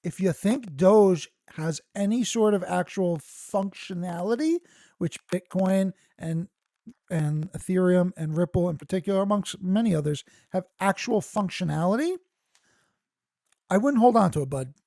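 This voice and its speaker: Male podcast host, gravelly edge, dry close sound, squeaky and sweary when riled up, reads articles then rants. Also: moderate pace, no echo. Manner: profane, excitable, reads articles aloud with side comments. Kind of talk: casual news-reading podcast rant.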